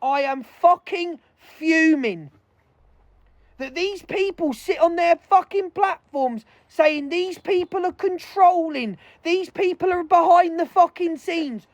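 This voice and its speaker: A woman's voice: very high voice, slow, dry recording. A woman streaming live, furiously ranting with heavy swearing and calling out other creators. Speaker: livestreamer. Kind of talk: angry livestream rant.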